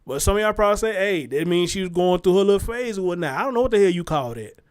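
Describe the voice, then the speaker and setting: A man hosting his own show, telling stories in a blunt, animated commentary with heavy slang. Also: sits high, quick pace. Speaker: show host. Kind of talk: casual commentary monologue.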